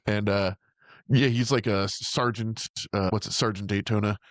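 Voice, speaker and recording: Casting: male co-host, low voice, quick rambling banter, dry close mic. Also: steady tone, no echo. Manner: rapid, rambling, full of "like" and "yeah", swears. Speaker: podcast co-host. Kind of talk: casual movie-review chat.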